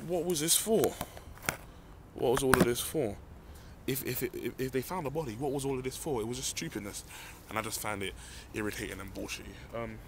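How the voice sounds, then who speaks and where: Young guy venting on his phone at night, walking, lots of ums, faint ambient hiss around him. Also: medium pitch. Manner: rambling, animated ranting with many fillers. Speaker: vlogger. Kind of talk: late-night rant to camera. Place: outdoors at night, walking through a car park.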